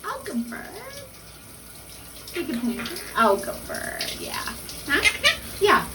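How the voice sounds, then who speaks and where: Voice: mid-range voice, big pitch swings, takes it slowly, noisy background. A pet parrot in a bathroom, mimicking human speech in squawky bursts, repeating short phrases and beeps over running shower water. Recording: loud running water, from far off.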